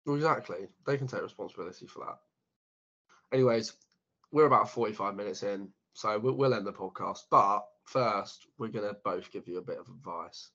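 Young guy cohosting a podcast, husky voice, kinda dull lo-fi mic, swears a lot and laughs. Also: fairly low pitch, a little fast, bright, forceful tone. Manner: chatty, swears freely, laughs often. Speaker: podcast co-host. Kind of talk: casual chat.

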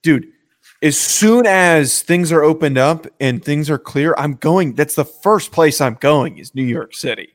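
A man's voice: on the high side, expressive, measured pace. A man co-hosting a casual sports podcast, blunt and emphatic, laughing easily while he argues his picks. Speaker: podcast co-host.

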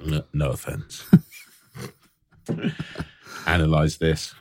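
A man's voice: rumbling low, level tone, drawn-out words, no room sound, studio quality. A man co-hosting a film podcast, chatting casually in a rambling way and laughing often. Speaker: podcast co-host.

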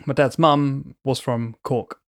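A man chats casually, rambling and playful, spinning vivid word pictures as he goes. His voice sits at a middle pitch. It is recorded close and dry, with no room sound. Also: steady tone, slow, dry recording. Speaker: podcast co-host. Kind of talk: casual chat.

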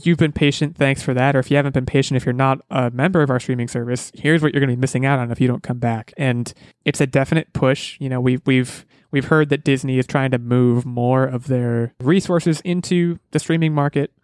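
A man's voice: mid-range voice, fairly even intonation, a little fast, a little mellow, smooth, no room sound. A man hosting a casual gaming podcast, talking in an upbeat, rambling way and often correcting himself mid-sentence. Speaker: podcast host.

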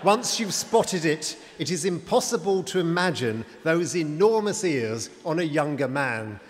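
A man's voice: on the high side, sing-song, unhurried. Wry male prize winner in an echoey hall. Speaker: prize winner giving speech. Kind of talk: humorous acceptance speech. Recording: echoey hall, faint noise.

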